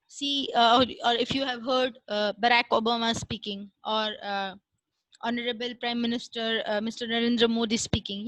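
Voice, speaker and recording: High, bright woman lecturing. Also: dry recording, low-quality recording. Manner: measured, explanatory, with frequent fillers. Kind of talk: online class lecture.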